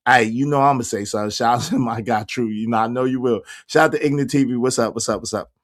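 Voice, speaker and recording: A hoarse man, hosting a casual livestream and shouting out his viewers by name. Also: medium pitch, fast. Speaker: livestream host reading chat.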